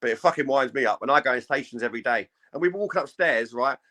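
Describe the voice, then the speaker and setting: A British man co-hosts a casual podcast at a quick pace, in a mid-pitched voice. He rambles, restarts his sentences often, and swears without fuss. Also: pushed and bright. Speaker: podcast co-host.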